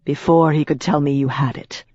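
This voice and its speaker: A woman's voice: deep voice, steady tone, moderate pace, darkish tone, dry recording, muffled recording. A woman voicing a polished young male elf businessman, clipped and insistent, in an audiobook. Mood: defensive. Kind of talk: audiobook character voice.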